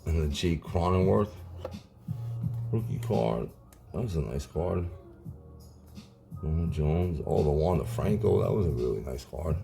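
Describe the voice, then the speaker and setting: A man in his forties casually chatting while opening card packs on his channel, relaxed and saying "man" a lot. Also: extremely low pitch, unhurried, vocal fry, pauses often, soft background music. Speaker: card collecting YouTuber. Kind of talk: casual pack-opening vlog.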